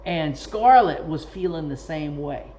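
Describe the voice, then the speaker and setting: A man as a guest author in a casual interview, telling stories in a lively way and acting out what others said. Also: a little high, a little slow, slight background noise. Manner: animated, lively storyteller who acts out quoted speech. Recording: dull lo-fi recording.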